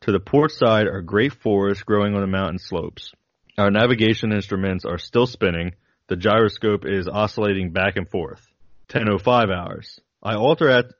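A low-pitched man reads an old flight log aloud in a dramatic voice, chuckling now and then. The sound is dull and dry, like a simple home setup. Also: dry recording. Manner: dramatic reading with laughs breaking in. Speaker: podcast co-host.

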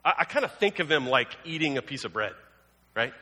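Lively pastor preaching in an echoing hall. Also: male voice, mid-range voice, brisk. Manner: conversational storytelling with humorous asides. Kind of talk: sermon. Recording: long hall reverb.

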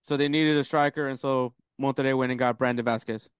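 A man of ordinary pitch talks soccer on a podcast in a loose, rambling way, cursing freely. His voice comes through smooth and resonant. The recording is dry and close. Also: steady tone, brisk, no echo. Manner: rambling, swears, laughs often. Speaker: podcast co-host. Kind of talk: casual soccer chat.

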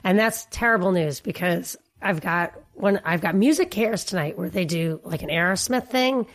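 A woman co-hosting a news talk show, hoarse and losing her voice, chatting in a rambling, chatty way while on remote. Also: lowish voice, expressive, normal speed. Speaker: co-host. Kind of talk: casual news chat. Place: on remote, away from studio.

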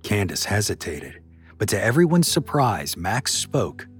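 Expressive male storyteller, lively pitch. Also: slightly rough, faint music behind. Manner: expressive, measured. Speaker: podcast reader. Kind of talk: storytelling narration.

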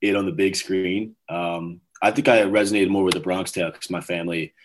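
A man's voice: sits low, fairly even intonation, fairly quick, a little hiss or hum. A young man from New York with a New York accent, a guest in a casual chat, talking in a laid-back, easygoing way. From Brooklyn, New York, US.

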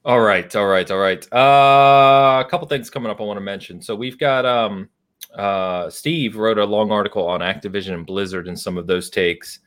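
A man hosting a casual podcast, ranting with animated, stop-start phrasing. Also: lowish voice, normal speed. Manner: ranting, animated, many restarts. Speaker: podcast host. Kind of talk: casual chat.

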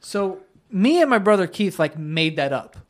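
A man's voice: high voice, big pitch swings, moderate pace. A young man telling stories in casual podcast chat, laid back, slipping into quoted voices. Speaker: podcast host.

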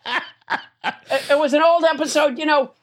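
A woman's voice: high-pitched, a little slow. A woman hosting a comedy podcast, rambling with stammered restarts and dry humor. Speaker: podcast host. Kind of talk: comedic banter.

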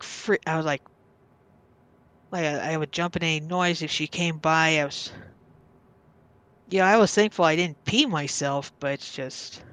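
A woman's voice: deep voice, a bit bright. A woman guest on a podcast, casually telling a personal story and often stopping to restart or repeat her words.

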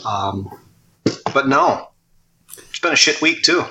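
A man's voice: medium pitch, expressive, takes it slowly, crowd noise, rough recording. A man joining a casual podcast chat, with dry, understated remarks.

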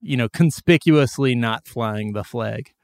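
Man, podcast host, casual rambling comic chat, middle pitch, dry close mic. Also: measured pace, no room sound. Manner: rambling, laughs often.

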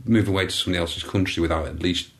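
Fast-talking deep man. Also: steady tone, a bit bright. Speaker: podcast co-host. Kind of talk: casual chat.

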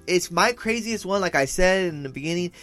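A young man with a high, expressive, fairly bright voice tells a story at a slightly fast clip as a podcast co-host. His casual talk is slangy and profane, sprinkled with Spanish phrases, and he calls his friend "fool."

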